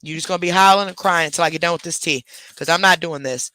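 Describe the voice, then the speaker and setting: Man, livestream host, casual chat, animated storyteller, bright forceful voice, fairly high pitch. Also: fast, no echo. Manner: animated storytelling, scolds his dogs mid-stream. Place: home bedroom.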